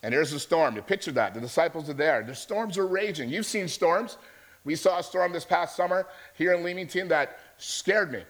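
A man's voice: on the high side, expressive, moderate pace, a bit bright. A man preaching a sermon as a pastor, in a conversational storytelling manner that keeps checking in with his listeners.

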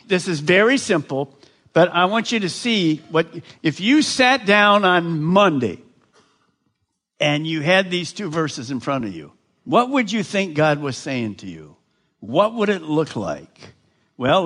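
Slow, emphatic preacher man. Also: fairly high pitch, fairly bright tone. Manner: slow, emphatic, asks the audience questions. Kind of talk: sermon. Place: large gathering addressed live.

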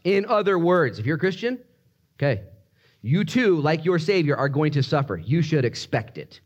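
A man preaching a sermon in an animated, conversational way, swinging between loud emphasis and hushed moments. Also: fairly high pitch, moderate pace, highs cut off. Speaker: pastor.

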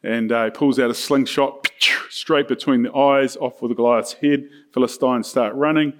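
A man preaching a sermon, telling a story casually and slipping into quick voices for the characters. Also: medium pitch, fairly even intonation. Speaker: pastor.

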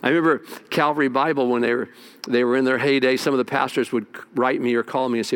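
A man, a pastor, preaching a sermon with dramatic swings between loud exhortation and quiet asides. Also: mid-range voice, steady tone, fast talker, clean tone.

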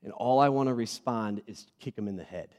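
A man in his thirties preaching a sermon to a congregation, earnest and personal, swinging between loud emphatic bursts and soft, quiet moments. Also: lowish voice, fairly quick. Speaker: pastor. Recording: long hall reverb.

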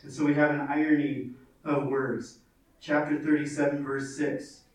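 A man's voice: medium pitch, little pitch movement, moderate pace. A man preaching a sermon in earnest, reading scripture aloud and repeating phrases for weight. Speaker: pastor. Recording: very echoey, from far off.

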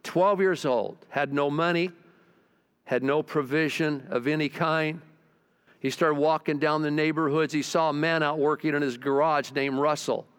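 Older male pastor, fairly high voice, storytelling sermon that sinks quiet on key lines. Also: steady tone, moderate pace, smooth. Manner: storytelling preacher, drops low and quiet for emphasis; talks to the congregation with questions.

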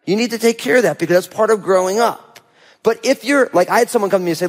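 A middle-aged man preaching a sermon in a conversational way, often tossing in a quick "right?". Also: sits high, in a large hall. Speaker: pastor.

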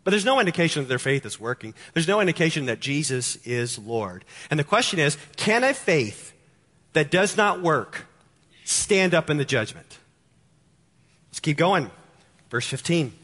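A man's voice: fairly high pitch, sing-song, normal speed, fairly bright tone. A man from Texas with a Texan accent, preaching a sermon and repeating key lines with emphasis. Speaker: pastor. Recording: long hall reverb.

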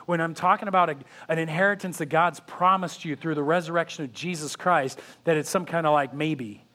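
A man preaching a sermon as a pastor, telling stories with acted-out voices and lively delivery. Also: high-pitched. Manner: animated storytelling with acted-out quotes. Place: church sanctuary.

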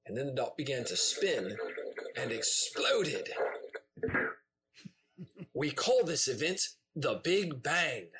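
A man voicing a solemn male documentary narrator in a put-on British accent, slow and grave. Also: mid-range voice, very animated, fairly bright tone, voice pushed down.

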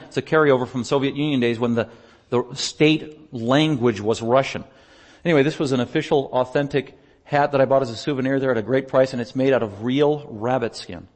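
A male pastor chatting through a slideshow report during a church service, telling stories in an animated way and laughing often. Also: mid-range voice. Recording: long reverb of a large hall.

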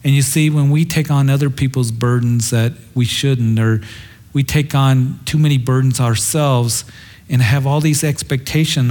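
A man's voice: medium pitch, darkish tone. A middle-aged man preaching a sermon as a pastor, earnest and reflective, quoting scripture in a tender way.

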